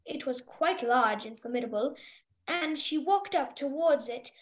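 A woman narrating a storybook drama in a gentle, measured way. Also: high voice, expressive, highs cut off.

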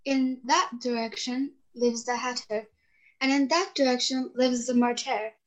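Teasing, riddling cat, voiced by a woman, a little high, muffled lo-fi recording. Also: fairly even intonation, measured pace. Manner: teasing, matter-of-fact logic. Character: grinning, riddling Cheshire cat. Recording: dull lo-fi sound.

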